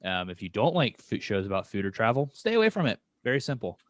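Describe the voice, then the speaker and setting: Low-voiced man rambling through a review. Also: very animated, quick pace, no room sound. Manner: rambling, laughs often. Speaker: podcast co-host. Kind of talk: casual review chat.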